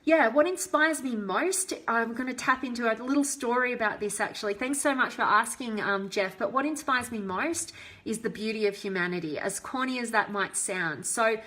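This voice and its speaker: Upbeat, higher-voiced woman hosting a live stream. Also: moderate pace, bright, forceful tone. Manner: enthusiastic and heartfelt, reads out viewer comments. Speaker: host and motivational coach. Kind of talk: live-stream chat with viewers.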